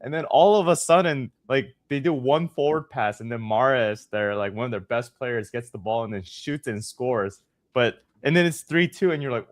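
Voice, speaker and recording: A man's voice: mid-range voice, normal speed. A man co-hosting a casual sports podcast, easygoing, telling stories about games with frequent chuckles. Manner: easygoing storyteller, chuckles while recounting. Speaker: podcast co-host.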